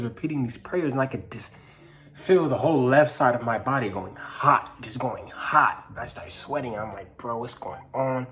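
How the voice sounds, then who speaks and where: Earnest nineteen-year-old man, halting. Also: mid-range voice, a bit bright, a little hiss or hum. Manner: earnest, halting storytelling with many restarts and repeated phrases. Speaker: vlogger. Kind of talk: personal testimony told to camera.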